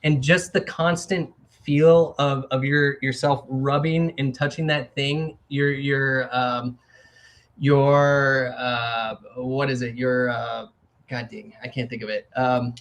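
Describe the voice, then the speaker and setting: A man's voice: medium pitch, flat delivery, slow, a bit bright. A man hosting a casual talk show, rambling with many restarts and acting out little quotes. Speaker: podcast host. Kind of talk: casual chat.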